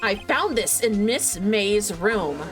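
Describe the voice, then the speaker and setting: A woman's voice: mid-range voice, expressive, slow, music in the background. A woman voicing an earnest young male defense lawyer who presses witnesses with pointed questions. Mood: determined.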